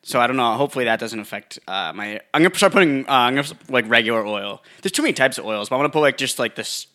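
A man's voice: mid-range voice, animated, racing, sharp tone. A man co-hosting a casual chat, rambling and making crude jokes.

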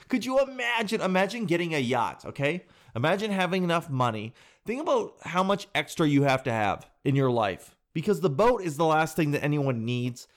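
A man hosting a reaction video, talking casually and animatedly to his viewers and laughing often. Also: fairly high pitch. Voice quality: animated, laughing, addresses viewers as guys and dude.

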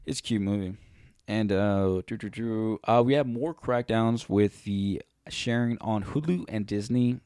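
A man's voice: fairly low pitch, a little slow, a little mellow, clear, resonant tone, no room sound, studio quality. A man co-hosting a podcast in loose, rambling casual chat, swearing often. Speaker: podcast co-host.

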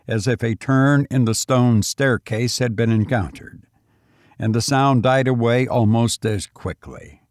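A man narrating a gothic horror tale in a slow, grave, measured reading. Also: fairly low pitch, a little mellow, dry recording, studio quality.

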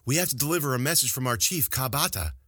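A man's voice: mid-range voice, expressive, fast talker, pushed and bright, husky, no echo, clean studio sound, pitched above the performer's own voice. A man voicing a fierce, wild little tribal girl who speaks warily and tersely in an audiobook story. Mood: wary.

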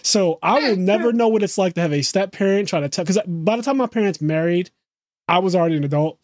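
A young adult man chatting casually as podcast co-host, animated and profane. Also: high voice, fast, no room sound, clean studio sound. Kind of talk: casual chat.

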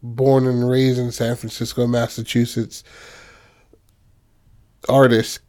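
Casual, rambling man with a low voice. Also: fairly even intonation, unhurried, a little mellow. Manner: loose, rambling storytelling with frequent fillers and profanity. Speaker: filmmaker describing his film. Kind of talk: casual chat.

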